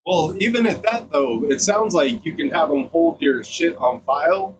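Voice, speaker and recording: A man's voice: a little high, expressive, crowd noise, rough recording. A man co-hosting a casual livestream, joking and teasing. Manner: joking, teasing, slow drawl.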